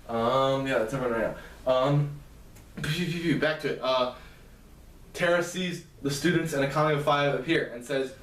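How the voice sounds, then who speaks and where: Man, loose rambling storyteller, recorded off-mic in an echoey room. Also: medium pitch. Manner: loose and rambling, frequent ums and uhs, quickly voicing characters' lines. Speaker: storyteller recapping a novel. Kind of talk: casual spoken plot summary. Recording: roomy echo, distant from mic.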